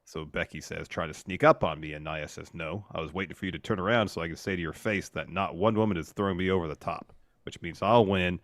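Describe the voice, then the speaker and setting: Deep voice guy going move by move thru a match, lots of uhs, dry sound. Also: quick pace, a bit bright, no room sound. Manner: walks through matches step by step, filler-heavy. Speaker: podcast co-host. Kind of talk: casual play-by-play recap.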